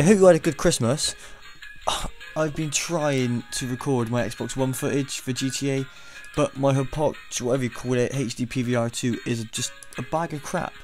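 A young man commentating a game he is playing, excitable and mocking, laughing often at what he sees. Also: medium pitch. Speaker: gaming YouTuber. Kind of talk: let's play commentary. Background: game music.

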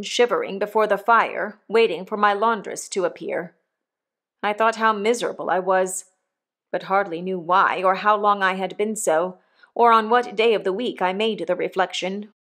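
A woman narrates a classic novel in a measured, even way. Her voice sits at a middle pitch for a woman. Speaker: audiobook narrator. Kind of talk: scripted narration.

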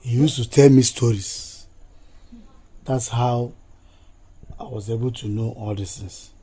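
A man's voice: medium pitch, fairly even intonation, mellow, breathy edge. A solemn Nigerian father. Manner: slow, solemn storytelling. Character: grave middle-aged father recounting family history. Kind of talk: film drama acting. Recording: film audio with faint music.

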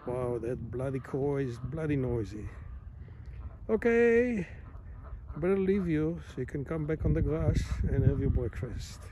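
A man's voice: mid-range voice, normal speed, few pauses. A man chatting casually to the camera while filming geese on a lawn, narrating what the birds are doing, with geese honking around him. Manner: chatty, talks to the camera and the birds, loud quacking imitations. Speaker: vlogger. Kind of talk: casual outdoor vlog narration. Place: outdoors on grass near a flock of geese. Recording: outdoor phone video with clear background noise. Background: geese honking and outdoor ambience.

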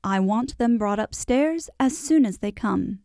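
A woman's voice: medium pitch, measured pace, dark tone, no room sound, studio quality, lightly acted. A woman voicing an imperious young boy who gives haughty, lordly commands in a storybook reading. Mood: commanding.

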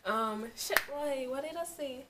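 A woman's voice: high voice, pushed and bright, slight background noise. A young Vincentian woman vlogging, chatting and teasing with lots of giggles. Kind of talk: casual chat.

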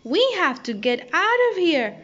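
A squeaky little monkey sailor, put on by a woman reading a storybook, all high, jumpy exclamations that leap about. The voice is pitched far up and swings widely. The recording is dull and lo-fi. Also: sing-song, slow, full character voice. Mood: excited. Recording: dull lo-fi audio.

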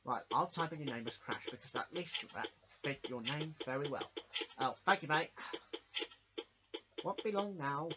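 A man's voice: on the high side, lively intonation, a little fast, few pauses, background noise. Easygoing man hosting a game session. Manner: easygoing, filler-heavy. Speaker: channel host. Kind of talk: casual gaming chat. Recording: dull lo-fi with game music.

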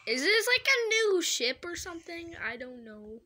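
A young woman or girl excitedly reacting to cartoon fan art in a casual, gushing way, full of exclamations and slang. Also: extremely high pitch, moderate pace.

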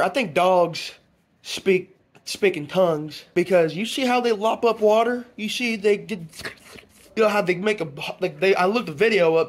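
A man's voice: high voice, close to an everyday voice. An actor playing a rambling, conspiracy-minded man, talking in a preachy, stumbling comedy monologue. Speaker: comedy vlog character.

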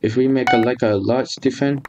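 Excitable young gamer man yelling at his game. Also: medium pitch, moderate pace, dull audio. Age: young adult. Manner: excitable, yelling and repeating words when losing. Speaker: gaming YouTuber. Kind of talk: casual gameplay commentary. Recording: faint background noise and clicks.

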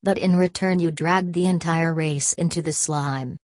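A woman's voice: low-pitched, steady tone, moderate pace, a little mellow, no room sound, lightly acted. A woman voicing an imperious older male college president who lectures with contempt and domineers. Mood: stern.

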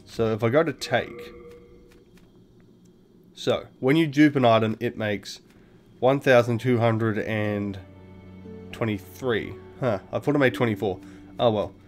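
A man talks through his gameplay in a loose, offhand way, explaining mechanics as he goes and swearing freely. His voice sits at an ordinary middle pitch. Faint game music plays quietly behind him. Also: measured pace, pauses often. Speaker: gaming video host. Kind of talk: casual gameplay commentary.

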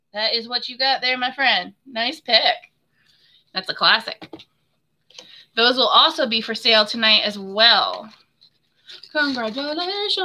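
A woman chats through a casual live stream as she shows her handmade soaps. Her voice is very bright and sharp and sits a little high. She talks to viewers in a friendly, familiar way and laughs often. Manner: chatty and friendly, addresses viewers as hon and my friend. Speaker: soap maker hosting a live giveaway.

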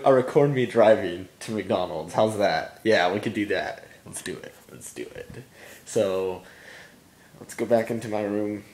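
A young man who has just woken up records a casual video message to his girlfriend from his room at home, rambling and swearing. He's a vlogger, and his voice is fairly low and darkish, slow-paced, with reverb.

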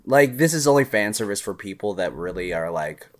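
A man's voice: lowish voice, fairly quick. A man co-hosting a casual movie podcast, rambling and hesitant, swearing casually as he talks. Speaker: podcast co-host.

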